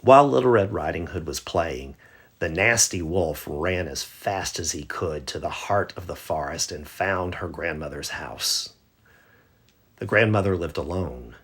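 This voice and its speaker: A man narrating a bedtime story in a gentle, measured way. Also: deep voice, expressive, husky.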